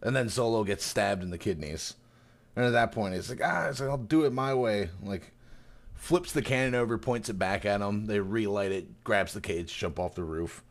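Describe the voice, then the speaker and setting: A man with a low voice chats on a podcast, recounting story scenes with gusto. He jumps into playful quick voices for the characters as he goes. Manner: animated retelling with put-on voices. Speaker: podcast co-host. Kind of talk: casual chat.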